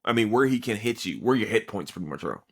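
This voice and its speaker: Male podcast host for a loose, swearing recap full of restarts, sitting slightly low in pitch. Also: sing-song, quick pace, a bit bright, slightly rough. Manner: rambling, profane, frequent restarts. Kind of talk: casual anime episode recap.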